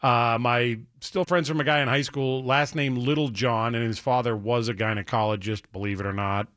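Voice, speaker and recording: A man's voice: mid-range voice, fairly even intonation, normal speed, fairly bright tone, dry recording. A man hosting a call-in talk radio show, chatting in wry, teasing banter from the studio.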